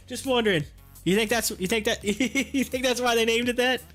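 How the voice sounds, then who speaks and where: A man's voice: very high-pitched, moderate pace, a bit bright, faint music behind. A man hosting a live stream, rambling through casual stories and viewer comments and laughing often. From United States. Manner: rambling storyteller, laughs often, repeats himself.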